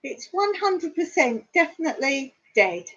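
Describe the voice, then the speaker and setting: A woman voicing a calm, matter-of-fact male vet in a spoken joke, over a dull lo-fi recording. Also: sits high, measured pace, voice pushed up, heavily acted. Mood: deadpan.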